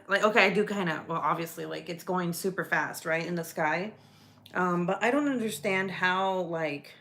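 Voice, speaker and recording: Bright-voiced young woman rambling casually. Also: mid-range voice. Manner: rambling, swearing, laughing storyteller. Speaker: book club host. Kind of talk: casual chat.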